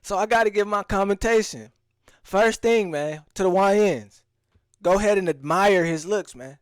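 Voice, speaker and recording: A man's voice: sits high, normal speed, smooth, no room sound, clean studio sound. A man giving loose, slang-heavy reaction commentary on a livestream, talking straight to his viewers and restarting his sentences often. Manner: addresses the audience directly. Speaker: streamer reacting to a video.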